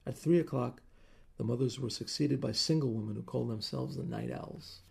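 Gravelly dark-voiced male storyteller. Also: mid-range voice, brisk. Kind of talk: reading a short story aloud.

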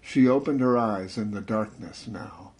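A man narrating a suspense story in a measured, dramatic reading that slows and drops to a hush at tense moments. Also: on the low side. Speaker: audiobook narrator.

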